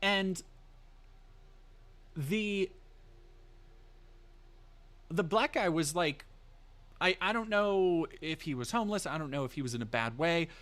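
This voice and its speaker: A man's voice: fairly high pitch, expressive, normal speed, a bit bright. Rambling, profane man telling a story. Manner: rambling, profane, lots of fillers and restarts. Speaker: streamer. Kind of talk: casual storytelling on a livestream.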